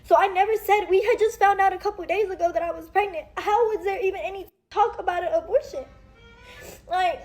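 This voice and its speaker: A woman's voice: extremely high pitch, fairly even intonation, quick pace, few pauses, a little mellow, soft background music. A young woman in her twenties giving a tearful, rambling and blunt account of her own experience. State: crying. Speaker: celebrity venting on social media. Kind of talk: emotional personal account.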